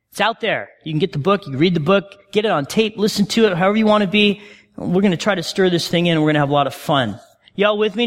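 High-voiced man preaching in a reverberant hall. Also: fairly bright tone. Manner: conversational, calls out to the congregation. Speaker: pastor. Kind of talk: sermon.

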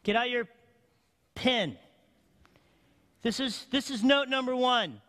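Male pastor, very high voice, slow emphatic preaching, long church reverb. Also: animated, pushed and bright. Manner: emphatic call-and-response preaching, slow deliberate phrasing. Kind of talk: sermon. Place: church sanctuary.

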